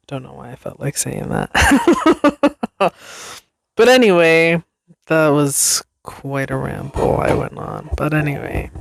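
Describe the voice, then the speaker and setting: A woman's voice: sits low, animated, slow pace, vocal fry, long pauses, dry recording, clean studio sound. A young woman hosting her own podcast, rambling casually about her life, self-deprecating and laughing often. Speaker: podcast host. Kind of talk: casual solo podcast chat.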